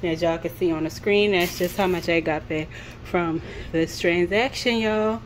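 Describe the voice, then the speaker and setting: A woman's voice: on the low side, normal speed, a little hiss or hum, low-quality recording. A woman in her thirties vlogging at home in a casual, chatty way, addressing her viewers again and again. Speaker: lifestyle vlogger and mom. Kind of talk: casual vlog chat.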